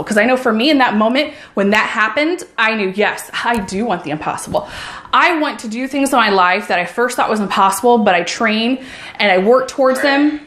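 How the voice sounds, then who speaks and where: A woman's voice: mid-range voice, fairly bright tone, reverberant, slight background noise. A woman who is a runner and a mom, talking in an upbeat, enthusiastic and encouraging way in a casual motivational vlog.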